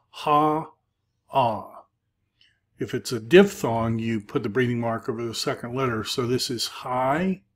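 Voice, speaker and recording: A man teaching a recorded video lecture as an instructor, explaining step by step with frequent hesitations and filler sounds. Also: medium pitch. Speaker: Greek instructor.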